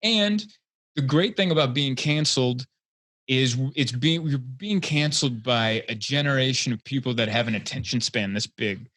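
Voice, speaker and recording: A comedian guest, a man from Hungary, rambles through stories in relaxed podcast chat. His voice sits in a mid pitch. The sound is dry and close, with no room around it. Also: normal speed, no room sound. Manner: chatty storyteller, rambling with fillers, gets animated. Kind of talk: casual podcast conversation.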